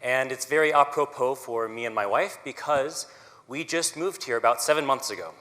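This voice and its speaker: A man from the United States gives an unscripted talk into a microphone, his voice bright and forceful. He speaks conversationally and pauses between thoughts. The sound carries a long reverb from the auditorium. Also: medium pitch. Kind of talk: public talk. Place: auditorium stage.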